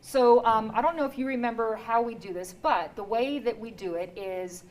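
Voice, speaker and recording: A woman's voice: fairly high pitch, normal speed, a little mellow, rough recording. A woman hosting a medical talk show from a TV studio, chatting casually and joking at her own expense. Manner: chatty, joking, self-deprecating.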